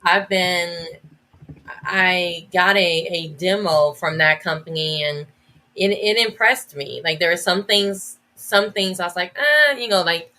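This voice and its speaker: Bright-voiced enthusiastic woman guest. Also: lowish voice, steady tone, unhurried. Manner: enthusiastic, many restarts and "like" fillers. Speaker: guest, educator. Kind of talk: casual podcast conversation.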